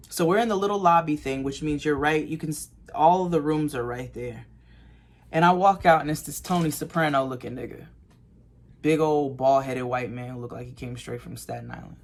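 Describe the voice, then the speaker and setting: A man co-hosting a casual podcast, telling a story with lots of energy. He acts out the people in it and breaks into loud laughter now and then. His voice sits at an ordinary middle pitch. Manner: animated storyteller acting out quoted voices, bursts of loud laughter. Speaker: podcast co-host.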